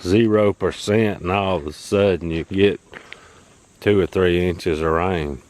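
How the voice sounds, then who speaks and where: A farmer vlogger with a low, darkish voice talks unhurriedly to camera about his farm work, plain-spoken and folksy. He's in a truck on rural roads, with car and engine noise in the background.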